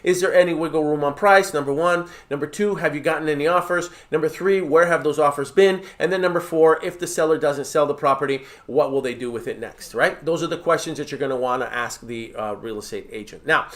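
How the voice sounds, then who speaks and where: A man coaching his audience with direct, emphatic advice, his voice sitting a little high. He keeps checking in with a quick "right?" or "okay?" as he lays out each step. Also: a bit bright. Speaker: real estate mentor. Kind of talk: coaching talk to camera.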